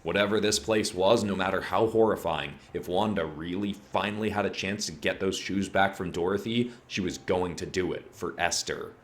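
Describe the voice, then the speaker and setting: A man narrating a horror story in a low, steady storytelling delivery. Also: normal speed, hardly any pauses.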